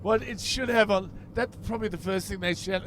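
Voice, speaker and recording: A man's voice: sits high, brisk, fairly bright tone, a little hiss or hum. Australian man, dry storyteller in a car. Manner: dry anecdotal storytelling, acts out quoted voices. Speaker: podcast co-host. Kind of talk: casual chat. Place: inside a moving car.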